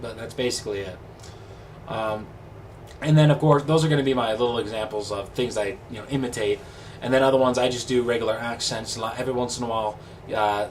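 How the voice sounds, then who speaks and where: A man's voice: mid-range voice, fairly even intonation, a little fast. A young man chatting in a rambling, easygoing, self-deprecating way as a vlogger. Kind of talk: casual chat. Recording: distant mic with faint background noise.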